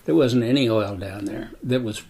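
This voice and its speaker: A man in his eighties telling a story from his working life in a measured, deliberate way. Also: mid-range voice, darkish tone. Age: 80s. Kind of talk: personal storytelling.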